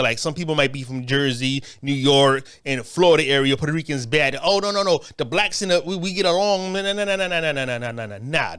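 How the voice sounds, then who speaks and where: Casual male commentator, a bit high-pitched, blunt and profane, hammers his points by repeating them. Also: a bit bright. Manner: blunt, profane, repetitive, emphatic. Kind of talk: casual opinion rant.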